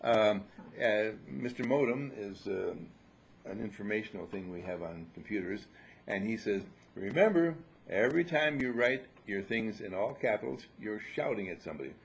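Lively, joking older man teaching a group. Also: fairly low pitch, normal speed, gravelly, highs cut off, a little hiss or hum. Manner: lively, joking, playful lecturing. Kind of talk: informal spiritual group talk.

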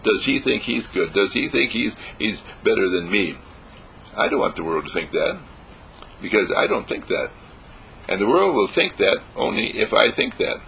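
A man's voice: lowish voice, sing-song, normal speed, vocal fry, a bit bright, slight background noise, low-quality recording. A man giving an inspirational lecture, exuberant and laughing often, building his points through repeated affirmations. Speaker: motivational speaker.

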